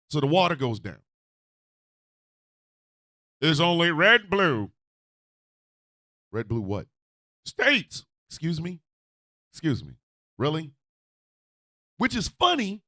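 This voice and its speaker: A man hosting a radio talk show, ranting loudly and profanely, swinging from shouts to low mutters. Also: no echo, clean studio sound. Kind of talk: animated political rant.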